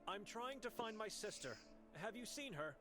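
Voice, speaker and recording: A man's voice: high voice, sing-song, moderate pace, over music, voice pushed up. A man voicing an earnest young male monk who urgently questions people about his missing sister, reading game dialogue aloud on a live stream.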